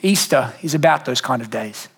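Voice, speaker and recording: A man, a pastor telling a lively family story in a sermon and acting out the voices. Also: mid-range voice, normal speed, vocal fry, husky. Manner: animated, acts out family voices.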